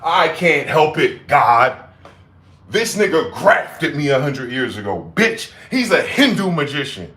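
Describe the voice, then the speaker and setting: A man in his forties hosting a livestream, ranting with heated outbursts that drop to low mutters. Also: big pitch swings, a little slow, pushed and bright. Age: 40s. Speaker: livestream host. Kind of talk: profane rant. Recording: echoey room with faint background noise.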